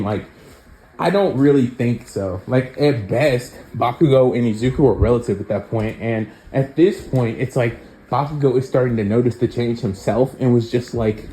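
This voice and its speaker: A man casually narrating a fan-made story in a rambling way, full of fillers. His voice is mellow and soft. Faint noise sits behind him. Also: mid-range voice, poor audio.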